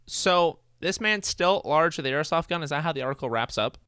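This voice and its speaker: A man's voice: fairly high pitch, expressive, a little fast, sharp tone, smooth, dry recording, studio quality. A man co-hosting a podcast in casual comedic chat, riffing jokes. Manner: jokey, riffs with silly voices. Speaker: podcast co-host.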